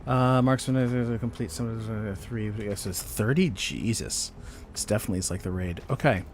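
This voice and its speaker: A gamer streams his play from a home setup on camera, rambling to himself in casual commentary full of fillers and thoughts that trail off unfinished. His voice is lowish, fairly quick, and a little mellow, with a little hiss or hum.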